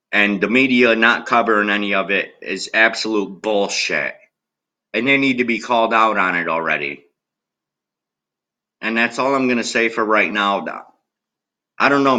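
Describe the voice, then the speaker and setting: An agitated man venting to his viewers in a profane, heated rant. His voice is low-set but very sharp and tense, cutting through every line. He talks straight at the audience and swears constantly. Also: poor audio. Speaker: political video blogger. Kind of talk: angry rant to camera.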